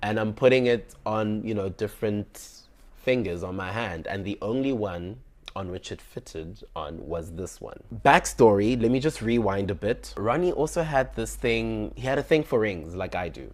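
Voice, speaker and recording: Young adult male, lower register, dramatic personal storyteller. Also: measured pace. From South Africa. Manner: animated and dramatic, acting out his own dialogue.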